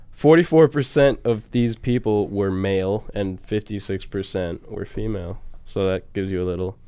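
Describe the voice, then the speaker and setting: Young man, radio co-host, low voice, smooth and clear, dry close sound, loose rambling chat. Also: warm tone, no room sound. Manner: rambling, laughs often, trails off into fillers.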